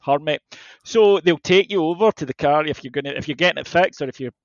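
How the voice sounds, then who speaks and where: Casual male co-host, storyteller, slightly high voice, dry, dull lo-fi recording. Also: fast, no room sound. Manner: swearing, animated storytelling with mimicked voices. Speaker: podcast co-host. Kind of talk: casual chat.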